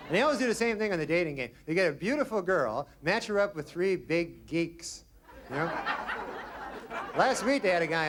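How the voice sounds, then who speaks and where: A man doing stand-up comedy with a deadpan, rambling delivery. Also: high-pitched, a little fast. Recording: noisy live stand-up recording.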